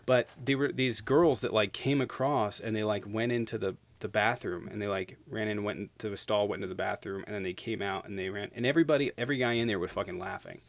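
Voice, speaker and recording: A man's voice: lowish voice, fast talker, gravelly, few pauses, dry recording. A man hosting his own livestream, ranting bluntly and swearing freely in casual talk. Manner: blunt, profane, heated. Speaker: streamer host.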